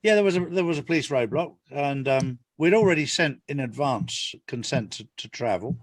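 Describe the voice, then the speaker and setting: A man's voice: mid-range voice, expressive, normal speed, no room sound, clean studio sound. An older retired Englishman giving an interview in a casual, earnest way, repeating his points for emphasis. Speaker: interview guest, author.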